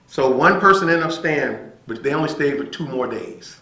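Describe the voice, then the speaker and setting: A man with a mid-range voice and vocal fry tells a story as a podcast guest, speaking briskly with few pauses. He is animated, acts out the voices of people in the story, and often checks in with "right?". The audio is poor and roomy.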